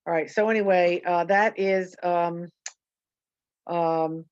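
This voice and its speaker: A woman teaches a poetry lesson over a video call, wandering through her points and correcting herself as she goes. Her voice sits a little low. The call audio is dull and dry, with no room sound. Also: fairly even intonation, takes it slowly, darkish tone, no room sound. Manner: rambling, self-correcting, many ums.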